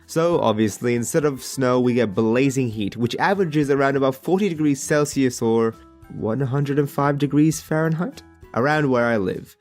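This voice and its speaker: A man from Australia with an Australian accent, telling a comedic animated story in voice-over with a sarcastic, casual, slang-filled manner. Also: mid-range voice, moderate pace, faint music behind.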